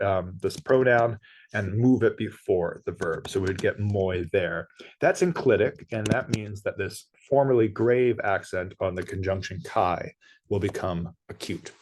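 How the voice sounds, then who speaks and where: A man's voice: fairly low pitch, expressive, measured pace, a little mellow, slight background noise. A man teaching a language lesson, explaining step by step with small asides and self-corrections. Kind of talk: screen-shared language lesson.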